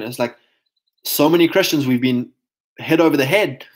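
A man's voice: a little high, normal speed. Emphatic man ranting on a livestream. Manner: emphatic, mocking voices of others, reads chat comments aloud. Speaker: livestream host reading chat. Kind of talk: casual livestream monologue.

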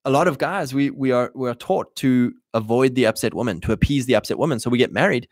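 A man hosting a casual monologue to his listeners, punchy and animated, acting out the voices he quotes. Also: mid-range voice, a little fast, hardly any pauses, no echo, studio quality. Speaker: host.

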